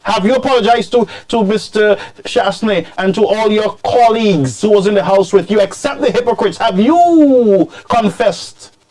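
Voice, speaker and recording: A man hosting political commentary, scolding and animated, dropping into Creole phrases. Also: high-pitched, brisk, few pauses. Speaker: commentary show host.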